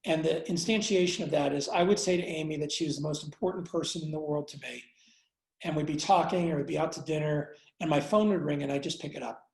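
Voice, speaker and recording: Male interview guest, gravelly voice in a roomy room, reflective and halting, blunt language. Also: on the high side, a little mellow. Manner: reflective, halting, many fillers and restarts; blunt, casual swearing. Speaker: interview guest, entrepreneur and investor. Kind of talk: candid conversational storytelling.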